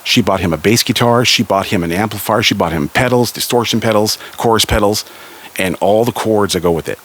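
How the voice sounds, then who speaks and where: A man from Southern California telling a family story in a casual spoken way, lively and raising his voice for the people he quotes. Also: brisk. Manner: animated, raises pitch for quoted characters.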